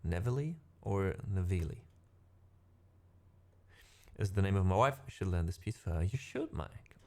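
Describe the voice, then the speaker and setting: Rambling male music streamer, lowish voice. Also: animated, quick pace, a little mellow. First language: not English. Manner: rambling, self-correcting, laughs often. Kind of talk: casual livestream chat.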